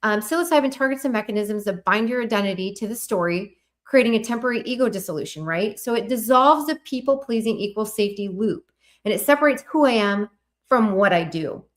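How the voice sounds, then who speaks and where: A woman's voice: medium pitch, lively intonation, fairly quick. A woman hosting a live online workshop, talking earnestly in a coaching manner and putting questions to her audience. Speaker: host.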